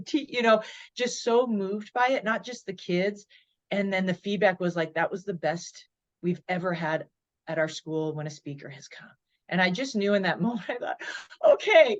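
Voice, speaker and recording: A woman's voice: medium pitch, highs cut off. Woman in her forties telling a story. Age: 40s. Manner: lively, acts out her own inner dialogue. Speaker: podcast guest, motivational speaker. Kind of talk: storytelling in an interview.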